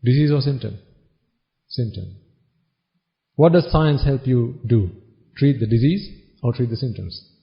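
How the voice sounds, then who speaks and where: A man preaching a Buddhist sermon at a mid pitch, putting question after question to his listeners and answering each one himself. He slips into rapid Pali chanting now and then. The recording is dull and lo-fi. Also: animated, creaky. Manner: chants Pali phrases quickly. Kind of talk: dharma talk sermon.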